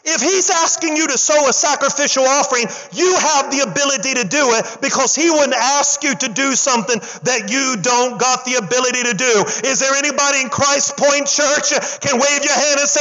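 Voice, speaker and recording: A very high-pitched male pastor preaches an animated sermon in a church, voicing the story's characters in casual slang and urging the congregation to answer back. The recording is dull and lo-fi, with a long reverb trailing each phrase. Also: a little fast, hardly any pauses. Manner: animated preaching, calls for audience response.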